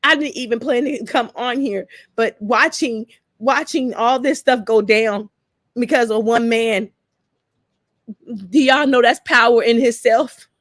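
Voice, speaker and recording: An older woman speaks to her livestream viewers, earnest and searching, going back over her own phrases and letting them trail off. Her voice sits a little high, and the sound is dry and close with no room around it. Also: unhurried, dry recording. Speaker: vlogger. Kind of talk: emotional livestream monologue.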